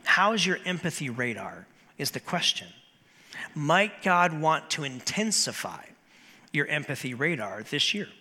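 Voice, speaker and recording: A man preaching a sermon as pastor in a church, earnest and measured, with slow emphatic pauses. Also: on the high side, sharp tone. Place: church sanctuary. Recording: long hall reverb.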